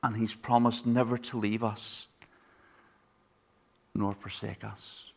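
A man's voice: fairly low pitch, little pitch movement, takes it slowly, vocal fry. A man from Ireland with an Irish accent, preaching a sermon in a conversational way, telling stories and asking the congregation rhetorical questions.

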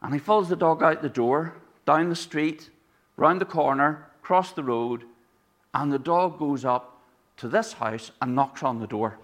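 An Irish man preaching with a slightly higher-pitched voice. He keeps the sermon conversational, weaving in a told joke and asking his listeners questions. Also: a little slow. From Ireland.

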